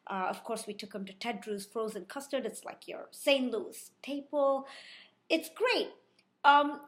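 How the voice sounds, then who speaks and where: A woman with a high voice tells a story to the camera in a loose, chatty vlog style. She talks in an animated way, laughing often and filling her pauses with um and you know. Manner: animated, laughing, with many fillers. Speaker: vlogger. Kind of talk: casual storytelling.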